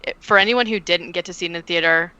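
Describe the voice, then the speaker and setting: A woman's voice: on the low side, fast, bright, forceful tone, clear, resonant tone, dull audio. A woman guest on a podcast telling stories in casual chat, hedging with frequent fillers. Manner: chatty, hedging with "um" and "like", storytelling.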